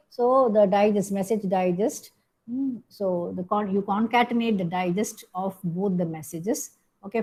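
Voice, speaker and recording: A woman's voice: medium pitch, darkish tone, rough recording. A woman giving a recorded lecture, explaining step by step with frequent "okay" and "hmm" fillers and self-corrections.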